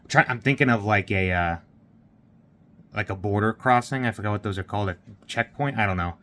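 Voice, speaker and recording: A man's voice: lowish voice, brisk, fairly bright tone. A man vlogging, retelling a morning story in a rambling way with lots of fillers and quoted dialogue. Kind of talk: casual vlog storytelling.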